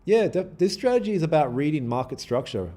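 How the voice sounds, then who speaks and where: On a live day-trading stream, the host talks casually with his viewers, cursing freely, joking and pleading with chat, and arguing with the market. He's a man with a voice on the high side, big pitch swings, a brisk pace and a warm tone.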